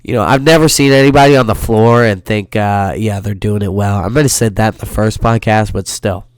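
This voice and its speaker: A young man with a stuffy nose ranting alone in his bedroom for a solo podcast, swearing and flaring into loud outbursts. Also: on the low side, fairly even intonation, brisk, clean tone, no echo, clean studio sound. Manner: profane, heated ranting with sudden loud outbursts. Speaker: podcast host.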